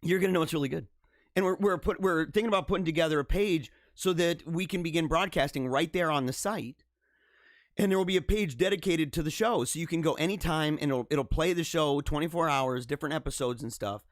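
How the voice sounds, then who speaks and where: Man hosting a live stream, high voice, dry close sound, incredulous and laughing, stammers. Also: brisk, dry recording. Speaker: show host. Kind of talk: casual live-stream commentary.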